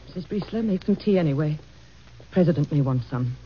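A woman's voice: sits low, lively intonation, brisk. An earnest, worried First Lady. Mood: composed. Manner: earnest, gently insistent. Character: anxious devoted wife of a president, woman. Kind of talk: 1940s radio acting. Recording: dull old radio recording with faint hiss.

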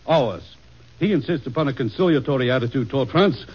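A man's voice: mid-range voice, brisk, slightly rough, natural voice. An actor playing a proud, hawkish statesman, stiffly formal and fiery when roused, in 1940s radio-acting style. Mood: indignant. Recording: dull old radio recording.

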